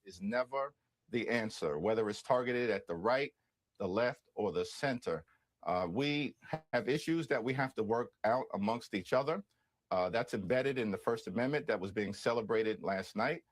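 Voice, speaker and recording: A male politician makes a calm statement in a fairly low voice. He speaks deliberately and pauses on small fillers. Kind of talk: public statement to the press.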